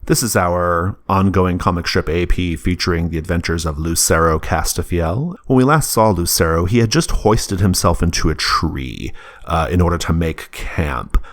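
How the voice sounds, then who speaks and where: Low-voiced male game master, easygoing and halting as he narrates scenes. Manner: relaxed, halting descriptive narration.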